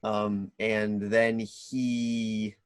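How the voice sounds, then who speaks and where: A man co-hosting a podcast, casually recapping a film and acting out its scenes in quick put-on voices. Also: on the low side, flat delivery, clean tone, no room sound. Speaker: podcast co-host. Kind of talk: casual chat recapping a movie.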